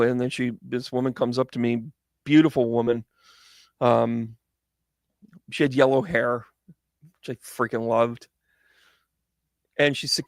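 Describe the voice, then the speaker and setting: A man's voice: mid-range voice, normal speed, pauses often, dry recording, clean studio sound. A man hosting his own show as a psychic medium, telling a rambling, jokey story full of tangents. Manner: animated, tangent-prone, jokey.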